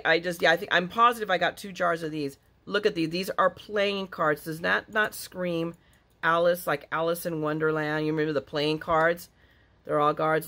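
A woman's voice: deep voice, a bit bright. A woman vlogger chatting casually to her viewers while she unboxes craft supplies. She gushes and rambles, restarts her sentences, and breaks into sudden gasps and squeals of delight.

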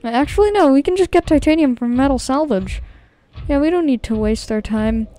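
A woman's high-sitting, animated, mellow voice moves a little fast as she provides let's-play commentary on her own game. She speaks right to her viewers, jumping at scares and repeating herself anxiously.

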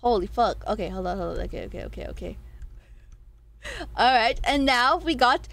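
Giggly, excitable woman streamer. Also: normal speed, vocal fry. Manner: giggly, excitable, swears freely, jumps between high squeals and low mutters. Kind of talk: casual livestream chat, reading poll results.

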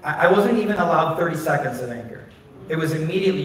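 A man pastor with a fairly high voice tells personal stories from the pulpit in a candid, conversational way, leaning on casual filler words. He sounds far from the phone that records him, and the big sanctuary rings with heavy echo. A faint hiss of noise sits under the sound. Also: lively intonation, quick pace. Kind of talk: personal storytelling sermon. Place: church sanctuary. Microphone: phone recording from a distance. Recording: distant, very echoey phone stream of a church.

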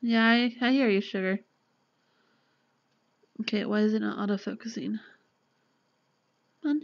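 A woman vlogger chatting casually through an unboxing, gushing and excitable, often apologizing as she shows things. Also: mid-range voice, a little slow, gravelly, dull audio.

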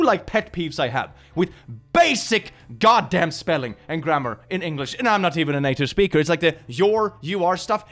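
A man hosting a comedic reaction commentary on memes, sarcastic and mocking, laughing often. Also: fairly high pitch. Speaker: channel host.

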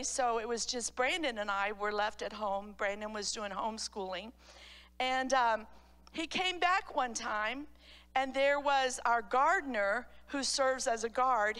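High bright woman preaching in a church. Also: clear, resonant tone. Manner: storytelling, earnest, rising to fervent. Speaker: pastor's wife speaking at a church meeting. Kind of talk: testimony sermon. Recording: church hall reverb.

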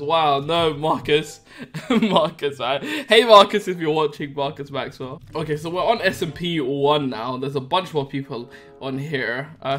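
A young man giving excitable, laugh-filled commentary as he hosts a video of his own game prank. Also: fairly high pitch. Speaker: Minecraft trolling video host. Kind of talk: casual gameplay commentary. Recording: faint music behind.

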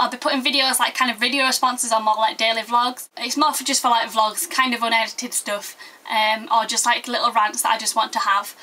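Bright chatty Yorkshire woman vlogger. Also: a little high, distant mic. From Yorkshire, England. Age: young adult. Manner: sarcastic, chatty. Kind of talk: comic how-to vlog.

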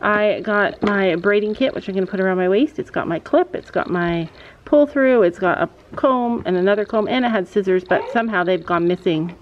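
A woman's voice: medium pitch, fairly quick, lo-fi sound, a little hiss or hum. A woman vlogging as a mom outdoors at a horse barn, chatting casually and explaining her gear to viewers. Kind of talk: casual vlog chat.

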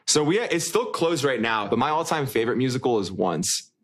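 A man's voice: mid-range voice, sing-song, brisk. Young male podcast co-host, casual and rambling, mid-range voice. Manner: rambling, full of fillers and restarts. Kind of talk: casual chat.

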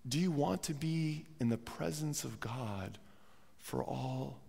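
Gravelly-voiced pastor preaching with a cold. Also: male voice, medium pitch, slow pace, dark tone. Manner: earnest, repeats words as he restarts phrases. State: has a cold, coughing. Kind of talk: sermon. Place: church sanctuary. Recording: long church hall reverb.

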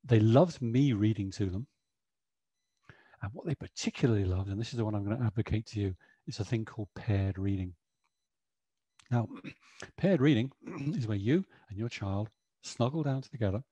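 A man's voice: on the low side, normal speed, long pauses, warm tone, breathy edge, no room sound. A middle-aged man presenting an educational webinar, chatty and explanatory, often saying "you know".

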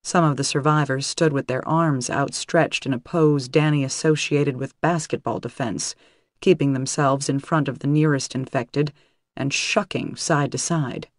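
Speaking at a medium pitch, a man narrates a thriller audiobook from a script with steady, measured storytelling. The studio-quality recording is dry.

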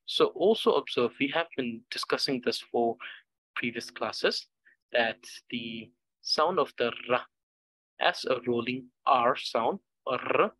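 A man teaching pronunciation, saying syllables slowly over and over for learners to repeat. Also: mid-range voice, fairly bright tone. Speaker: language teacher. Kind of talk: slow pronunciation drill.

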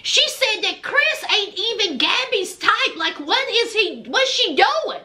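A woman's voice: extremely high pitch, big pitch swings, a little slow, pushed and bright. A woman giving a sassy, gossipy casual recap of a reality show, calling listeners "child" and "honey".

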